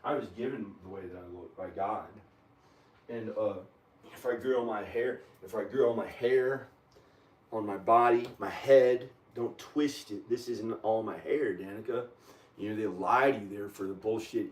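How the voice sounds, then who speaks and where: A man at home in his kitchen, rambling in an agitated, meandering monologue with frequent pauses and fillers. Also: fairly low pitch. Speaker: video maker. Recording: echoey room, camera far from the mouth.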